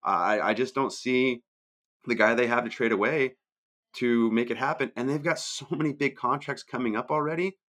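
A man's voice: mid-range voice, normal speed, a bit bright. A man co-hosting a sports podcast, giving blunt, dismissive analysis in casual chat. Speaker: podcast co-host.

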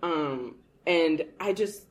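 A young adult woman co-hosting a casual chat show, telling stories in an animated, laughing, dramatic way. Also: low-pitched, extremely slow. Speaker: co-host.

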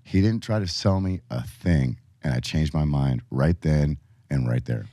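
A man with a low, deep voice tells his story as a podcast guest, easygoing and chatty. He slips into animated impressions of the people he quotes. The sound is dry and close. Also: a little slow, no room sound. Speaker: podcast guest, Marine Corps veteran. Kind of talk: casual storytelling.

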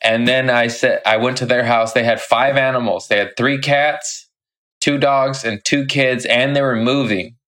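A young adult man, a stand-up comic guesting on a podcast, telling a story casually with lots of swearing and animated delivery. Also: mid-range voice, normal speed.

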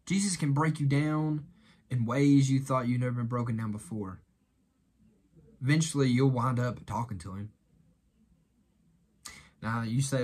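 A man preaching an earnest devotional in a husky, slightly breathy voice at a middling pitch. He builds his points through long runs of repeated phrases. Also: normal speed, pauses often, darkish tone. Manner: earnest, repetitive preaching cadence. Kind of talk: devotional talk.

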